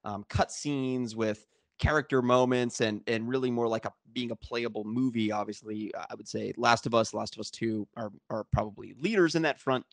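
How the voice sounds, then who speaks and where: A man's voice: medium pitch, normal speed, vocal fry, no room sound. A man co-hosting a casual talk show, rambling with frequent restarts and sarcastic asides. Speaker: podcast co-host. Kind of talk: casual discussion.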